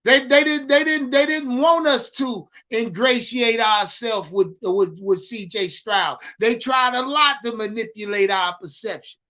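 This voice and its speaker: A man hosting a live stream, loudly hyped and swearing as he ranted about football and answered his chat. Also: very high-pitched, a little slow, few pauses, dull audio. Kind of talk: profane live-stream sports rant.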